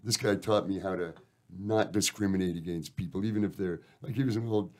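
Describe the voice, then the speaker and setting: Man, Canadian accent, very low voice, rambling, profane, radio guest. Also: steady tone, fairly quick. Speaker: band member guest. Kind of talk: casual storytelling interview.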